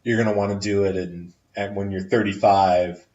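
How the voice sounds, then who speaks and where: Low, blunt male podcast guest, candid and profane, recorded far off in an echoey room on dull, lo-fi audio. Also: little pitch movement, moderate pace, a little mellow. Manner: frank, swears freely, candid advice. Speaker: friend giving advice. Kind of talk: casual podcast chat. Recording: roomy, distant, dull lo-fi audio.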